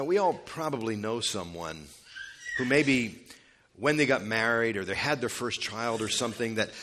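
A man's voice: fairly low pitch, bright, forceful tone. A man preaching an expository sermon as pastor, conversational with asides, leaning hard on key words as his voice rises and drops. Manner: emphatic, rising and dropping for stress.

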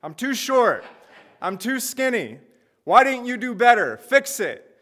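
A tiny clay figurine rants in a squeaky, pushed-up voice, as a preacher puts him on. He fires off whiny, indignant complaints and loud demands, a small creature furious at his maker. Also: very animated, measured pace, heavily acted. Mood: ranting, indignant.

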